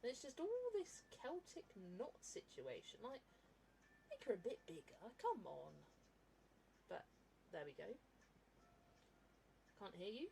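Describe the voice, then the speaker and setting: A woman's voice: medium pitch, huge pitch swings, a little slow, creaky, long pauses, dark tone, a little hiss or hum, rough recording. A woman chatting casually on a live stream as she colours, thinking aloud, giggling often, and talking into a webcam mic.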